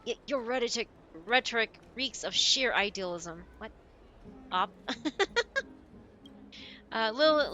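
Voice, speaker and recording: Woman streamer, giggly and chatty, slightly high-pitched; reads game text aloud. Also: lively intonation, slow, long pauses, pushed and bright, soft background music. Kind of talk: game playthrough, reading dialogue aloud.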